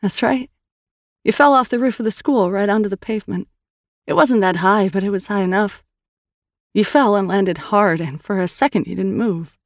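A woman's voice: mid-range voice, moderate pace, dry recording, clean studio sound, voice pushed up, natural voice. A woman narrator voicing an earnest young woman who urgently reassures her brother.

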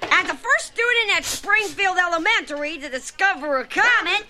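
An actor voicing a smug, nerdy schoolboy who leads a club, in a nasal, squeaky cartoon voice. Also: male voice, expressive, moderate pace, bright, forceful tone, a little hiss or hum, full character voice. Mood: self-satisfied. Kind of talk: cartoon clip.

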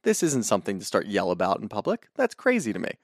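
A man's voice: on the low side, wildly swooping pitch, fast, no echo, studio quality. A man co-hosting a podcast, chatting casually and ranting bluntly with plenty of swearing. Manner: blunt, heated, swears freely. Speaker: podcast co-host. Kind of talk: casual recap chat.

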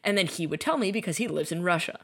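A young woman spins a story on her podcast in easy casual chat. She is animated, laughs often and slips into the voices of the people in her tale. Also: fairly low pitch, quick pace, husky. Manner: animated, laughing, acts out quoted dialogue. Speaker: podcast co-host.

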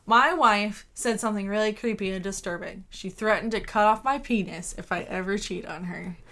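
A woman co-hosting a podcast in casual chat, teasing and quick with exclamations. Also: medium pitch, bright, forceful tone. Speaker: podcast co-host.

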